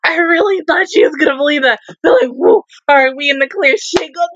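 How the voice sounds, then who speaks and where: Expressive high-voiced woman reacting. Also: fairly quick, muffled recording, slight background noise. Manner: expressive, swearing, laughing, loud outbursts. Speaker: anime reaction youtuber. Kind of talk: casual reaction and review.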